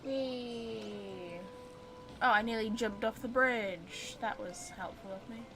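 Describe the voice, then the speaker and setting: A woman's voice: medium pitch, moderate pace, background noise. A woman casually commenting on a game, chatty and rambling, wondering aloud as she plays. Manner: chatty, rambling, lots of "like" fillers. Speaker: game streamer. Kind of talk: casual let's-play commentary.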